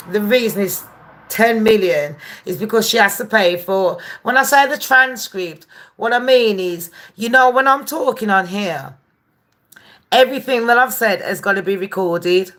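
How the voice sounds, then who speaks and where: A woman hosts a casual gossip live stream in an unhurried, drawn-out voice. She swears freely and stops to greet viewers by name. Her pitch sits in a middle range. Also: fairly bright tone. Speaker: gossip channel host.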